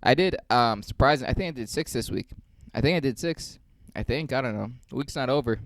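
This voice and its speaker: A man's voice: medium pitch, animated, a little fast, no echo. A young man, a stand-up comedian, rambling through a casual vlog with lots of swearing and self-mockery. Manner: rambling, profane, self-mocking.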